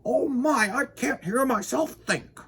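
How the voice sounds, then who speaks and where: A man reading aloud and voicing a fussy grown man who can't stand noise, in a high squeaky exclaiming voice. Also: lively intonation, slow, fairly bright tone, husky, exaggerated voice. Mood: exasperated.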